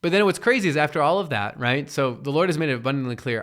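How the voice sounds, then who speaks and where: A man's voice: mid-range voice, fast, fairly bright tone. A man giving a casual Bible teaching in a conversational way, often checking in with "right?" and acting out quoted characters. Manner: acts out quoted characters in the retelling.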